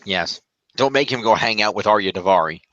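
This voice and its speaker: A man hosting a casual podcast, recapping wrestling and tallying fantasy points out loud in a laid-back way. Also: on the low side, animated, a little fast, dry recording, muffled recording. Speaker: podcast host.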